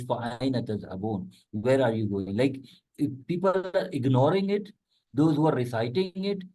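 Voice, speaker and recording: A man giving a conversational religious lecture, explaining Arabic words and quickly reciting verses between plain explanations. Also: mid-range voice, warm tone, poor audio. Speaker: Islamic lecturer.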